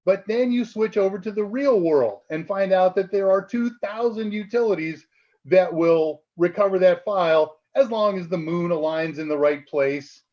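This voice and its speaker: A man's voice: high-pitched, moderate pace, highs cut off. A man co-hosting a live tech Q&A stream, explaining exam answers in a chatty way and laughing often.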